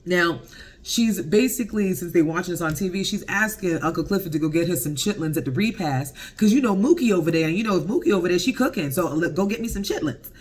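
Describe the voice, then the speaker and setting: Lively young man recapping a show. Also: sits high, fast talker, husky. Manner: animated, laughing, acts out quotes. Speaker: show reviewer. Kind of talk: casual recap commentary.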